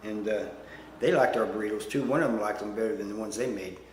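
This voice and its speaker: A man's voice: lowish voice, quick pace, reverberant, long reverb tail, a little hiss or hum. A man telling stories in a casual, rambling way, plain-spoken and self-deprecating, with lots of "you know" fillers. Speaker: storyteller. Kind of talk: casual storytelling.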